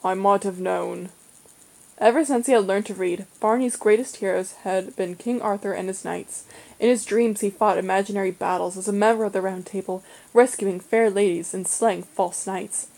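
A woman with a mellow, warm voice reads a children's novel aloud. Her delivery is steady and measured, with a middling pitch. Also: poor audio. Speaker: reader. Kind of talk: audiobook reading of a children's novel.

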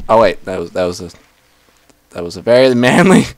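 A man doing gaming commentary in an excitable, goofy way, shouting and laughing at what happens on screen. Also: sits low, fairly quick, no echo. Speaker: gamer, channel host.

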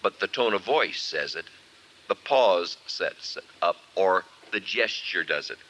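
A man preaching a sermon at a camp meeting and leading the congregation in song, talking expressively with pauses. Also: low voice, slight background noise. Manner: expressive, leads singing, animated pauses. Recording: dull lo-fi 1970s tape with faint music.

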